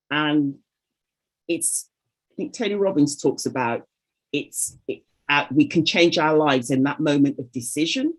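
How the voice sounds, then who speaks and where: A woman's voice: low-pitched, a little slow. A woman calling in to a group coaching call over video, candidly sharing a personal story and acting out her own inner voices.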